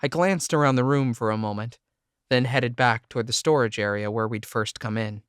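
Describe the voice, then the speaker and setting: A man reading a first-person audiobook narration in a steady, measured way. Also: medium pitch, clean tone, no room sound, clean studio sound.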